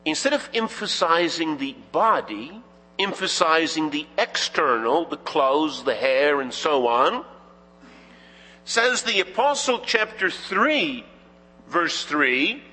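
A man, preaching a sermon as a pastor, measured and emphatic, posing rhetorical questions to the congregation. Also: on the high side, expressive, pushed and bright. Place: church sanctuary. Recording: reverberant church hall.

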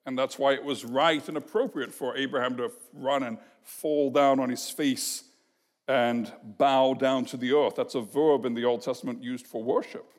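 A man preaching an expository sermon as a pastor, teaching in an emphatic, measured way and posing rhetorical questions to the congregation. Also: mid-range voice, fairly even intonation. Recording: long reverb of a large hall.

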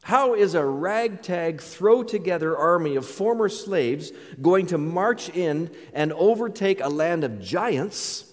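A man's voice: on the high side, a little mellow. A male pastor preaching a sermon, earnest and building to emphatic declarations. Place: church sanctuary. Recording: reverberant church hall.

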